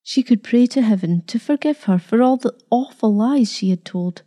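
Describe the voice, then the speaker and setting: A woman narrating a story with a very dark, mellow voice. Her reading is measured and dramatic, giving the moments room. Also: mid-range voice. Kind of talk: scripted narration.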